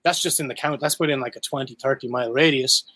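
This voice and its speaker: A man's voice: medium pitch, steady tone, fast talker, pushed and bright, husky, dry recording. A young Irish man, a guest musician, chatting casually, rambling, laughing often and swearing freely. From Ireland. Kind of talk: casual chat.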